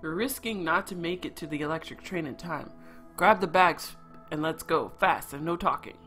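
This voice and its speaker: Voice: medium pitch, normal speed, fairly bright tone, soft background music, lightly acted. A streamer reading Alexander, curt group leader. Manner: curt, giving orders. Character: stern male group leader, commanding.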